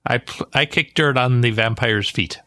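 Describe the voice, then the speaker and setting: A man playing in a tabletop game, firing off quick playful quips. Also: medium pitch, bright, forceful tone, dry recording, clean studio sound. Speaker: player. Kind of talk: casual banter in a tabletop game. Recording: audible background noise.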